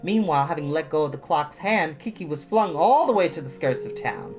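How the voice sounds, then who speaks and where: A woman reading a children's book aloud as a storyteller, expressive and sometimes addressing young listeners, with guitar music behind. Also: low-pitched, brisk, lo-fi sound.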